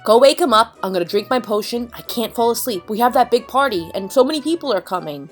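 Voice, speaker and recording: A woman's voice: a little high, animated, fast, soft background music, natural voice. A woman voicing an impatient lady of a haunted house who orders her servant around. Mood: bossy. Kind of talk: toy play story voicing.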